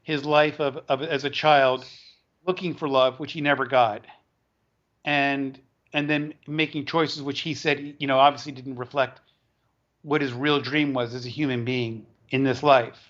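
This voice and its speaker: Halting man telling a story, lo-fi. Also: mid-range voice, steady tone, fairly bright tone. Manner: halting, with frequent restarts and repeated words. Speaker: author and educator, interview guest. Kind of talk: storytelling in a casual interview. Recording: dull lo-fi recording.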